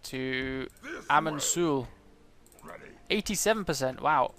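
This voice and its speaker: A man's voice: medium pitch, takes it slowly, a bit bright. A man commenting on his own strategy game as he plays, thinking aloud with frequent hesitations and fillers. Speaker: let's play gamer.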